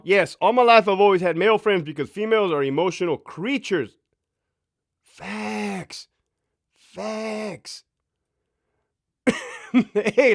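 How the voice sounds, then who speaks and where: A livestream host in his thirties broadcasts from home, swearing, boasting, laughing and responding straight to his chat. The studio-quality audio has no room sound, and his high voice is a bit bright.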